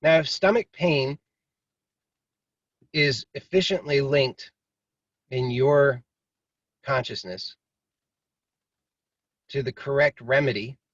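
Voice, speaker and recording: A man's voice: mid-range voice, slow pace, pauses often, dry recording. A man teaching in a casual, rambling way, now and then acting out inner voices. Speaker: meditation teacher. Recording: dry, slightly muffled video call audio.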